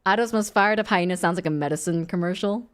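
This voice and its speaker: A young woman streamer chatting casually and playfully. She mocks herself, breaks into loud laughter, and sometimes drops to a low, calm natural voice. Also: quick pace, clear, resonant tone. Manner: playful, self-mocking, bursts of loud laughter. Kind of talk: casual live-stream chat.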